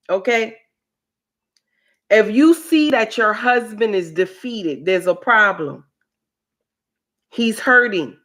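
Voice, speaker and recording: Slow, preachy woman on a livestream. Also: a little high, fairly bright tone. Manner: preachy, repeats lines for emphasis. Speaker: livestream host. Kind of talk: casual commentary livestream.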